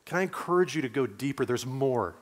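A man's voice: medium pitch, lively intonation, a little fast. A male pastor, giving a conversational sermon in a church and asking his listeners questions. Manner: conversational preaching, asks the congregation questions. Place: church sanctuary.

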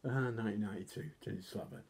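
Husky man rambling through a recap. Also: on the low side, quick pace, a little mellow. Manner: rambling, self-deprecating, coughs often. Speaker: wrestling reviewer. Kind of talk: casual recap.

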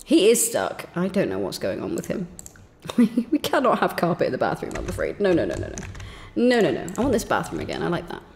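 A woman giving excitable, giggly commentary while playing a game on stream, talking to herself. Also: on the low side, brisk, vocal fry, in a large hall, slight background noise. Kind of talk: gameplay commentary.

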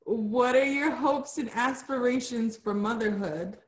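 A woman hosting a casual interview, asking questions and reacting with warm encouragement. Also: on the high side, a little slow. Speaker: interviewer host. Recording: echoey room.

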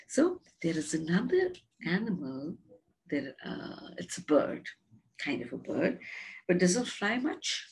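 A preschool teacher leads a science lesson for young children in a coaxing, sing-song manner, often asking them questions and staying gentle with the animals. Her lowish, breathy-edged voice swings hugely in pitch, and she takes it slowly.

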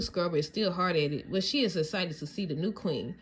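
A woman reading a children's storybook aloud in an amused, lively way. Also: lowish voice, fairly quick, hardly any pauses, slight background noise. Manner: amused, laughs often. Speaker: storybook reader.

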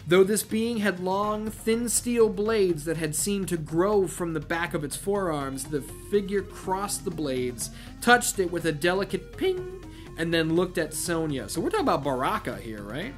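A man's voice: sits high, animated, unhurried, soft background music. A man hosting a comedic read-through of a novel, breaking off from the text for wry asides. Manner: wry asides that interrupt the reading. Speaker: channel host reading a novel aloud.

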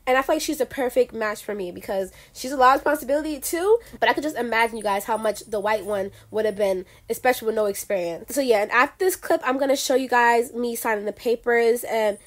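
A woman's voice: fairly high pitch, quick pace, hardly any pauses. A teenage girl vlogging in a chatty, gushing way, often saying "like" and "you know". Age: late teens. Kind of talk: casual vlog chat.

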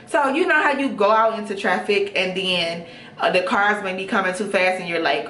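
A woman's voice: mid-range voice, normal speed, distant mic, a little hiss or hum. Chatty young woman. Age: young adult. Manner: chatty, animated, full of fillers. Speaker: vlogger. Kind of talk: casual storytime. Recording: roomy room, off-mic.

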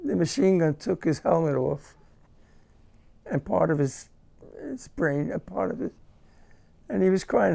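Older man, veteran interviewee; high for a man, heavy gravel, emotional and halting. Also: sing-song, dark tone. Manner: halting, repeats words, emotional. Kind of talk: first-person war recollection.

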